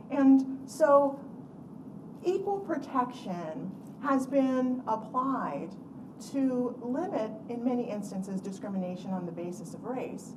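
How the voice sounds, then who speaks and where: A woman law professor giving a panel talk, telling a story in an earnest lecture style. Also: medium pitch. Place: lecture room. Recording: echoey room from far off with background noise.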